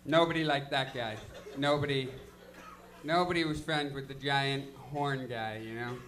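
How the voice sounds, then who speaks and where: Bright-voiced young comic. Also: male voice, mid-range voice, fairly even intonation, unhurried. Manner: self-deprecating, loose, filler-heavy delivery. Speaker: stand-up comedian. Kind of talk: stand-up comedy set. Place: comedy lounge stage.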